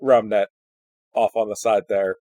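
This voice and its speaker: A man's voice: fairly low pitch, steady tone, measured pace, dark tone, dry recording. A man playing a tabletop role-playing game, making dry, wry remarks at the table. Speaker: player. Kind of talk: casual table talk.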